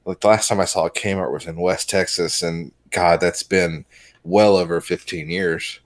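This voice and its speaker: A man's voice: low voice, steady tone, moderate pace. A man co-hosting a podcast in casual chat, joking crudely and stammering into his stories. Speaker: podcast co-host.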